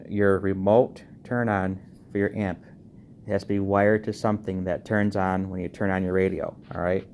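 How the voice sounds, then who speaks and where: A lower-voiced man walks through a car audio wiring job in a casual tutorial voice-over. He talks quickly and keeps checking in with "okay" and "all right." A faint hiss sits under the recording. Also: little pitch movement, darkish tone. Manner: talks fast, checks in with frequent okays. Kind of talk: casual screen-recorded how-to walkthrough.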